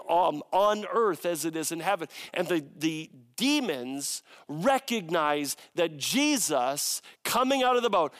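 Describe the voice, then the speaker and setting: Male preacher, high voice, emphatic delivery, stacks up long lists and checks in with "right?". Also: fairly bright tone. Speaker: pastor. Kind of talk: sermon.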